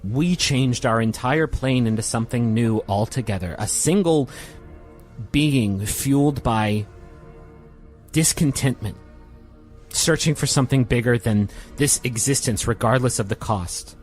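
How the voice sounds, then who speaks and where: A man voicing a quiet, unsettlingly polite male leader of a world-devouring force in a tabletop role-play podcast. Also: medium pitch, a little slow, faint music behind, close to an everyday voice. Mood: calm menace. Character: calm, menacing male leader of a cosmic hunger. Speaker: game master.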